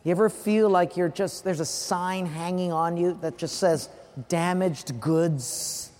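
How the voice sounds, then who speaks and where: A man's voice: sits high, steady tone, moderate pace, a little mellow. Man, pastor, from Hawaii, earnest sermon storytelling, repeats for emphasis, echoey hall. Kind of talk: sermon with personal stories.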